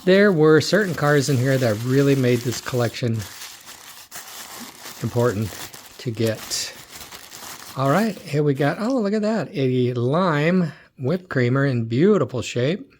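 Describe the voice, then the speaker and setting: A man's voice: medium pitch, expressive, unhurried, a little mellow, a little hiss or hum. A middle-aged man talking casually as he looks through a box of toy cars, chatty and thinking aloud, often repeating his words. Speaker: toy car collector and dealer. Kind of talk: casual unboxing commentary.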